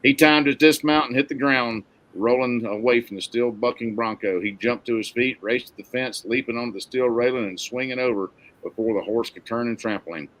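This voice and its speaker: A man's voice: medium pitch, brisk, low-quality recording. Man reading a story aloud. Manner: steady, plain storytelling. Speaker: narrator.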